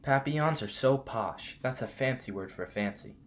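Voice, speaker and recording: A man's voice: medium pitch, moderate pace, slight background noise. Man reading a children's picture book. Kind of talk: storybook read-aloud.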